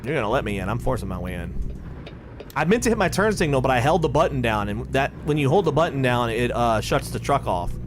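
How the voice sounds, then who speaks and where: A man's voice: mid-range voice, big pitch swings, fast, noisy background. A man chatting casually on a live stream while playing a game, rambling, thinking aloud and swearing freely. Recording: clear music playing behind.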